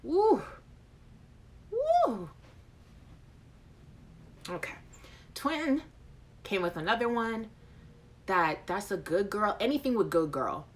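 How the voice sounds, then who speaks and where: A woman's voice: mid-range voice, measured pace, long pauses. A woman hosting a casual live chat show, reading out viewer comments in a playful, frank way. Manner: animated, playful and frank, with laughter.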